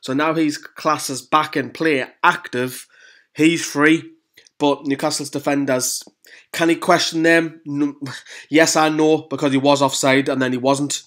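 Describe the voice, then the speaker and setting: A man hosting a fan channel, chatting excitedly through goal replays in casual football analysis. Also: on the high side, unhurried.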